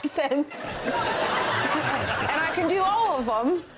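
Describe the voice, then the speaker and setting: An American woman on a comic panel show, talking in a deadpan, self-mocking way. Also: high-pitched, slow pace, over a noisy crowd, heavy background noise. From United States. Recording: studio with loud audience laughter.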